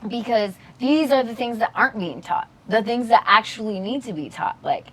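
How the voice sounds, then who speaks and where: A woman's voice: on the high side, normal speed, husky. Chatty woman telling a story. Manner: animated storyteller, swears freely, mimics people. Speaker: podcast co-host. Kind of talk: casual chat.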